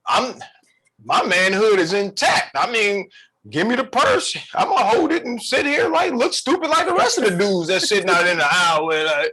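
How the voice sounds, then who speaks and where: A man co-hosting a casual relationship podcast, animated and playful, slipping into quick character voices. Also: high-pitched, husky. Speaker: podcast co-host.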